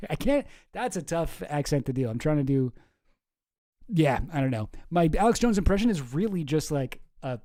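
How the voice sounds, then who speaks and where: A man's voice: a little high, expressive, moderate pace, mellow, no room sound. A man hosting a stream, chatting casually and self-deprecatingly on a close microphone and laughing often. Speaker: streamer host. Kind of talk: casual reaction commentary.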